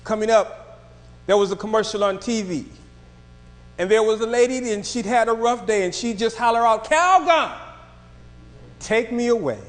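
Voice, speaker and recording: A man preaching a sermon in a church, moving from quiet reflective passages to raised, emphatic delivery. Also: high-pitched, steady tone, moderate pace, in a large hall. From northern United States. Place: church sanctuary.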